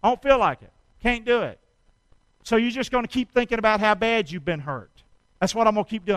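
A man preaching a sermon, asking his congregation to answer back and building up to loud, fervent cries. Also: high-pitched, expressive, a little fast, no room sound, low-quality recording. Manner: call-and-response preaching, rising to shouts. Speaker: pastor.

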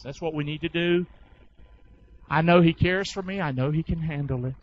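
A man's voice: fairly high pitch, lo-fi sound, slight background noise. A man preaching a sermon, calling for his congregation to answer and repeating lines back. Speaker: pastor.

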